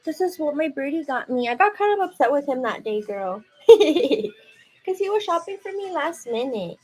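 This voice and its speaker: A woman's voice: sits high, big pitch swings, moderate pace, rough recording. Chatty woman on a makeup livestream. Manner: chatty, calls viewers girl, frequent likes. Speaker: beauty livestream host. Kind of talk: casual makeup livestream chat. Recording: soft music under voice.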